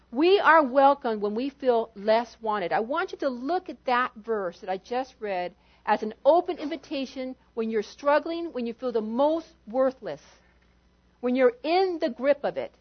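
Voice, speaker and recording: A woman pastor preaching a sermon in an animated way, acting out quotes with sudden shifts in volume. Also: sits high, measured pace, dull audio.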